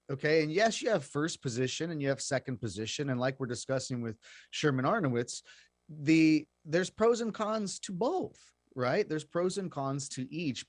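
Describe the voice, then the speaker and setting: A man's voice: fairly high pitch, dry recording, studio quality. A male host explaining investing to his listeners in a chatty way, often repeating words and calling the audience "folks.".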